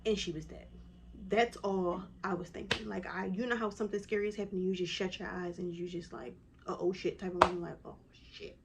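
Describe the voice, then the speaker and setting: A woman's voice: brisk, heavy background noise. A woman telling her own story in a casual vlog, acting out what others said in a raised voice. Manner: animated, acts out quoted voices in a higher pitch.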